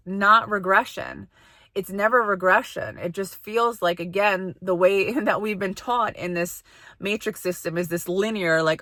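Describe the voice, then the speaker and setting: Bright, close-miked woman giving soothing spiritual advice. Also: mid-range voice, unhurried, no echo. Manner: earnest, reassuring, rambling with many fillers. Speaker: psychic and healing coach. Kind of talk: casual spiritual talk to camera.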